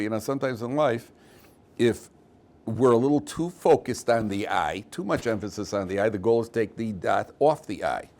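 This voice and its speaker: A man's voice: lowish voice, a little mellow. A middle-aged man, a rabbi, telling stories with humor to a class and asking his students questions, mixing in Hebrew words. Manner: storytelling with humor, asks the room questions; mixes in Hebrew and Yiddish words. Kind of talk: lively Torah class to students.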